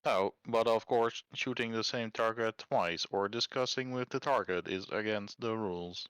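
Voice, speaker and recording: A man's voice: lowish voice, fairly bright tone, clear, resonant tone, no echo, pitched above the performer's own voice, lightly acted. A man putting on a gleeful, theatrical game master. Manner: slow, theatrical announcing.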